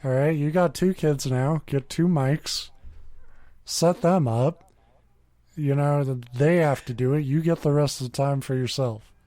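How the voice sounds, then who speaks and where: A man's voice: on the high side, unhurried, dark tone, no room sound. A man co-hosting a casual podcast, crude and sarcastic, swearing freely. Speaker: podcast co-host. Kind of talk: casual chat.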